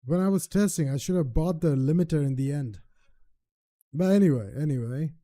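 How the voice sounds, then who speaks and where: A man's voice: a little high, fairly quick, warm tone. A streamer talking casually to himself while he tests his audio, muttering, repeating himself and swearing offhandedly. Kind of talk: casual talk to self while testing audio.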